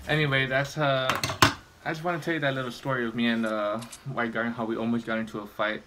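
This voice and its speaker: A man's voice: mid-range voice, little pitch movement, fast, background noise. A young man casually telling a rambling story while he games, swearing freely and restarting his sentences often. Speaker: gaming vlogger.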